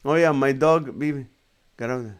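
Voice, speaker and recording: Male comedian host, forties, smooth clear voice, middle pitch, casual live-stream chat, reads comments and jokes along. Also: steady tone, unhurried. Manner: jokey, reads comments aloud and laughs along.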